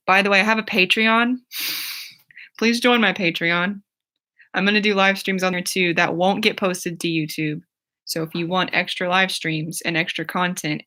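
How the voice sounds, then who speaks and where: Reading her chat on a livestream from home, a YouTuber in her twenties rambles and giggles, filling her answers with fillers. Her voice is fairly low in pitch, bright, and forceful.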